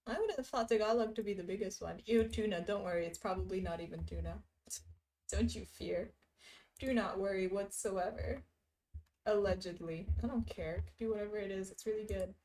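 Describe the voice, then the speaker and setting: Her voice is medium in pitch and a little mellow as this young woman stitches on a livestream. Giggly and talkative, she reads viewer messages aloud and laughs frequently.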